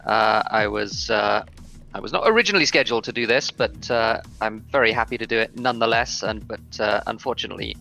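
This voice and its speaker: A man co-commentating a live online racing tournament, talking haltingly with many fillers and restarts. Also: fairly low pitch, creaky, sharp tone, faint music behind.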